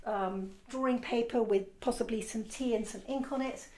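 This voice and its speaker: Woman art tutor, slightly high voice, casual and self-correcting, noisy home recording. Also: moderate pace. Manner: rambling, encouraging, self-correcting. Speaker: art teacher. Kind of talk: casual demonstration lesson.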